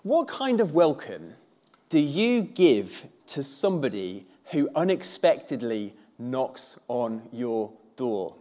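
Guy preaching a sermon in church, easygoing and chatty, middle pitch. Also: big pitch swings, slow pace, warm tone. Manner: conversational, with filler words and a few playful put-on voices.

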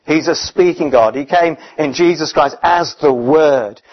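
A man preaching a sermon in a conversational, emphatic way, often pausing with fillers. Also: on the high side. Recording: dull, muffled recording.

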